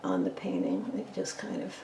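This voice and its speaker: A woman's voice: very deep voice, big pitch swings, normal speed, vocal fry, dark tone, roomy sound, slight background noise, rough recording. A woman explaining her painting step by step as she works, thinking aloud and often dropping to a near whisper. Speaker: painting instructor. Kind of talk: casual tutorial narration while painting.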